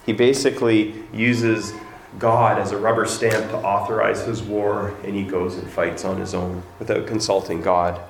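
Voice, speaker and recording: A man's voice: fairly low pitch, flat delivery, moderate pace, gravelly, faint music behind. A man preaching a casual sermon, retelling scripture with humorous asides. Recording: echoey room, distant mic.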